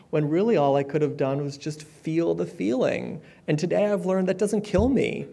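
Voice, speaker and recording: A middle-aged man giving a personal testimony at a support meeting, candid and conversational, with fillers and the odd soft laugh. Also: fairly high pitch, vocal fry. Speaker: speaker sharing his recovery story.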